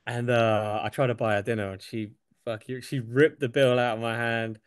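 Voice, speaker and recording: A man's voice: medium pitch, normal speed, smooth, no echo, studio quality. A young English man, a fighter, chatting casually in an interview, swearing freely and laughing as he talks. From England. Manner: relaxed, swears freely, laughs between thoughts. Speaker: UFC fighter guest.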